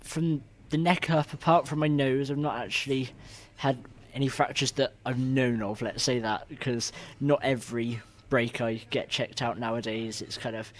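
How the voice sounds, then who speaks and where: A man's voice: medium pitch, steady tone, moderate pace, few pauses. A young man from England, talking as a podcast guest in a matter-of-fact, easygoing way. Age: young adult. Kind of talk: casual interview chat.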